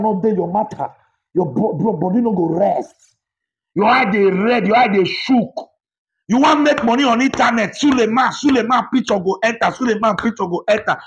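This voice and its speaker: High-pitched Nigerian pastor shouting rebukes. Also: male voice, dull audio. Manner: shouting, repetitive, mixes Pidgin and English. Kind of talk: fiery rebuke sermon to camera.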